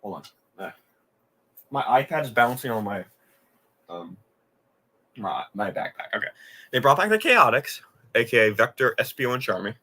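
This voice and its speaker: Exasperated male reaction host: bright, forceful tone, profane rants, casual delivery. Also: mid-range voice, lively intonation, moderate pace, long pauses, slightly rough. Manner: exasperated, profane ranting with frequent laughs. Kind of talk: live reaction commentary.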